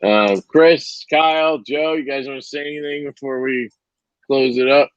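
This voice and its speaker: A man's voice: medium pitch, fairly even intonation, moderate pace, clean tone, no room sound, muffled recording. A man hosting a casual live stream and signing off, loose and profane, with plenty of ums and restarts.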